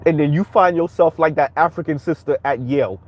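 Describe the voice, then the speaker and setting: A man's voice: a little high, fairly quick. Blunt, heated man on a commentary stream. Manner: blunt, heated, addresses viewers directly. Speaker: commentary channel host. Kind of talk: reaction commentary.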